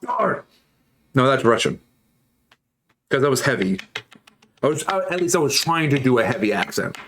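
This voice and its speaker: A man's voice: medium pitch, animated, fairly quick, a bit bright, slight background noise. Man, streamer, casual livestream chat, model building, rambling, jokey, answers chat. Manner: rambling and joking, reacting to chat messages.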